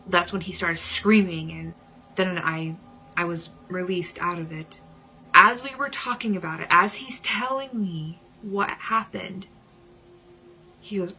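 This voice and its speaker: A woman vlogger telling a personal story casually, dramatic and at times dropping into hushed whispers. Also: lowish voice, a little hiss or hum, rough recording.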